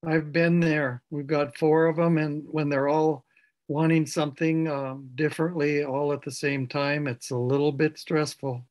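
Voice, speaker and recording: A man taking part in an online workshop, relaxed and good-humored, sharing his own experience. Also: a little high, a little slow. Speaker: workshop participant. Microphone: video call.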